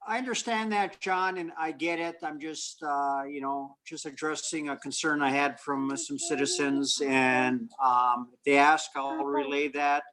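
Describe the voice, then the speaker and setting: A man, a council member, raising a citizen concern in a halting, polite way full of repeated words. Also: on the high side, fairly even intonation, pushed and bright. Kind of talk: remote council meeting discussion.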